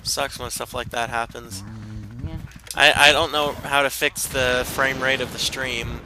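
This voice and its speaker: A man's voice: medium pitch, flat delivery, unhurried, background noise. A young man casually commentating his gameplay for viewers, rambling and self-deprecating. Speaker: gameplay streamer. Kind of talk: casual let's-play commentary. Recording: game music loud behind voice. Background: game music.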